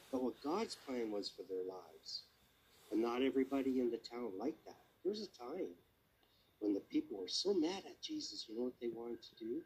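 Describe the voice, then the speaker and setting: A man giving a children's sermon. He tells a Bible story in an animated way and keeps asking the children questions. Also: medium pitch, husky, rough recording. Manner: animated, asks listeners questions.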